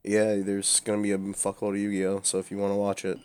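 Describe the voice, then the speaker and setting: Male co-host, lower voice, crude joker, dry mic. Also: monotone, fast, darkish tone, clean tone, no room sound. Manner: joking, confident, crude. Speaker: podcast co-host. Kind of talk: casual chat.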